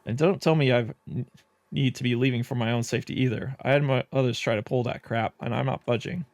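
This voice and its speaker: A man's voice: mid-range voice, fairly even intonation, fast talker, a little mellow, close to an everyday voice. A man voicing a bitter, grumpy ghostly echo who guards a ruined garden, talking in curt, scornful and dismissive lines.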